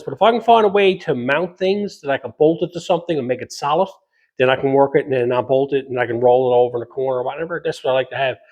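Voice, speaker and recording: A man with a Newfoundland accent, hosting a fabrication channel, chatting casually and rambling from his garage workshop while he answers viewer questions. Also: medium pitch. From Newfoundland, Canada. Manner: rambling, homespun, with dialect verb forms. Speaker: metal fabrication channel host.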